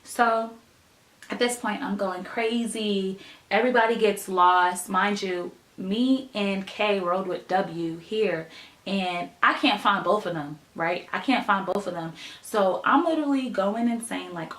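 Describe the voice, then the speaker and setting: A young woman tells a story to camera in a lively, emphatic way, scattering "like" and "right?" through her sentences. Her voice sits at a middle pitch. The room around her rings with a noticeable echo. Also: unhurried. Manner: animated, emphatic storytelling with many "like" and "right?" fillers. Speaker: vlogger telling a story. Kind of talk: casual storytime.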